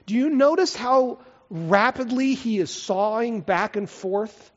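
A man preaching a sermon, reading scripture with passion and then leading a quiet prayer. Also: high voice, lively intonation, takes it slowly. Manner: impassioned, swings from loud dramatic reading to soft prayer. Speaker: pastor. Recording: lo-fi recording with long hall reverb.

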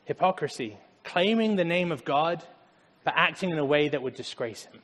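An English man with an English accent giving a casual, conversational Bible talk, animated and acting out little asides. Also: a little high, moderate pace, long reverb tail. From England. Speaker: Bible teacher.

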